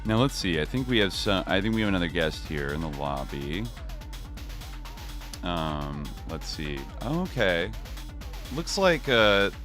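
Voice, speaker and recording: A man co-hosting a podcast livestream in casual chat, halting and jokey, with lots of ums and restarts. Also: low voice, fairly bright tone. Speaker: podcast co-host.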